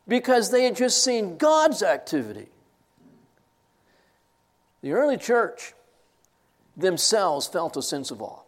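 Animated older man teaching scripture. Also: high-pitched. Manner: animated, laughs and chokes up while telling stories. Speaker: Bible teacher. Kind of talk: classroom sermon.

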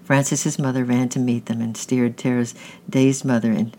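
A man's voice: medium pitch, level tone, moderate pace, mellow, a little hiss or hum. A man reading a children's novel aloud in a plain way, often slipping and restarting words. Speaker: audiobook reader.

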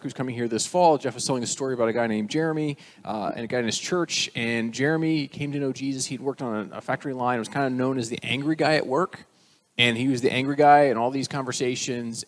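A man's voice: medium pitch, quick pace. A male pastor preaching a sermon, emphatic and rising on key phrases, with casual asides to the congregation.

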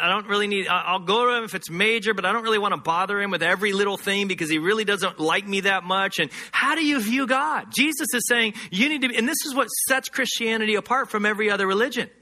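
A man's voice: sits high, pushed and bright. A man preaching a sermon as a pastor, emphatic, repeating phrases and acting out short quoted voices.

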